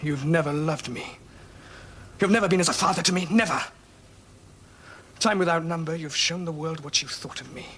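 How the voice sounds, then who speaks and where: A man's voice: fairly high pitch, moderate pace, long pauses, fairly bright tone, a little hiss or hum, lightly acted. A young actor playing a young Roman prince who speaks to his father in a wounded, reproachful way. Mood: bitter. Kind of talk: television period drama acting.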